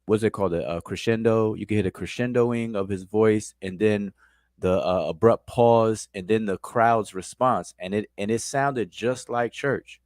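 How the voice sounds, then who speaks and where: A man in a casual discussion, explaining points analytically and pausing to search for words. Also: on the low side, a little mellow, no echo.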